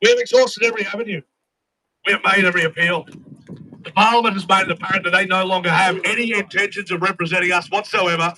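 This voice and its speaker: High-voiced Australian man declaiming outdoors. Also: big pitch swings, fast talker, bright, forceful tone, slight background noise, poor audio. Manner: grand, rhetorical, repetitive phrasing. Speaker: rally speaker and chant leader. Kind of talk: declamatory rally speech. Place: outdoors at a street rally.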